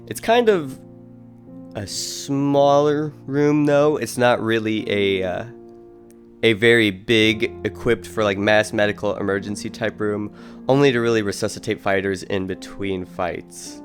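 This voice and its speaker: Low-voiced male game master. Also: unhurried, soft background music. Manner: relaxed, loose narration with many "uh" and "kinda". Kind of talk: narrating a tabletop game.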